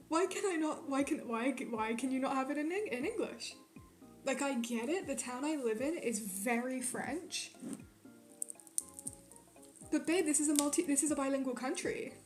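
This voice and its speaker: Ranting high-voiced young woman streamer. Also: unhurried, pauses often, darkish tone, faint music behind. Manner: rambling, swears a lot, ranting. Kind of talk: casual chat with live chat. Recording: roomy echo.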